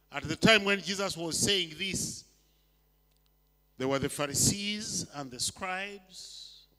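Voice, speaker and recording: An older man from Uganda preaches in a church hall, his voice high and strikingly bright. He moves between loud, urgent appeals and hushed, slow lines. A long reverb trails each phrase. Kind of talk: sermon.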